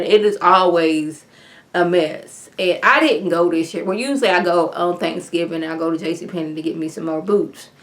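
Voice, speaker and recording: A chatty woman recaps a TV episode and tells it like gossip to a friend. She speaks at a middle pitch, and she keeps her delivery animated with a steady stream of "like.". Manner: chatty, animated retelling with lots of "like". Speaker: TV episode reviewer. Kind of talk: casual recap vlog.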